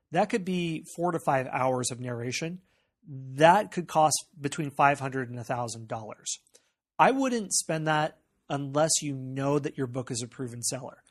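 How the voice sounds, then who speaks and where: Casual General American man explaining. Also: fairly high pitch. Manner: conversational and explanatory, with frequent "uh" and "okay". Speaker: tutorial presenter. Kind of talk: casual screencast walkthrough.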